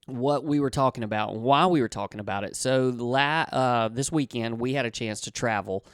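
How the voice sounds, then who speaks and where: A man's voice: mid-range voice, brisk, clean tone, dry recording, studio quality. A man in his forties co-hosting a marriage podcast, telling a story in a rambling, casual way and correcting himself often. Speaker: podcast co-host.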